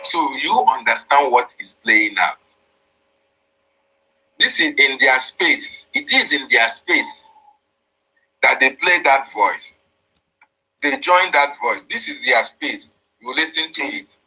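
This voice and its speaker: A man's voice: medium pitch, lively intonation, slow, pauses often, pushed and bright, slightly rough, poor audio. A man hosting a live audio room, explaining insistently and repeating his points. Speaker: host.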